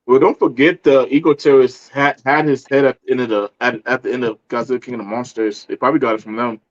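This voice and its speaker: A man's voice: medium pitch, fairly even intonation, fast talker, highs cut off. A man co-hosting a casual podcast, chiming in with short agreeing remarks. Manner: brief agreeing interjections.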